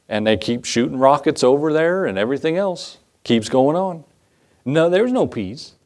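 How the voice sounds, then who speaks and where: A man preaches with a mid-range voice, reading verses in old-fashioned wording. He asks the listeners rhetorical questions, and his voice climbs when he stresses a point. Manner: reads scripture in King James wording, rhetorical questions; animated, rising pitch when emphasizing. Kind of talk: sermon.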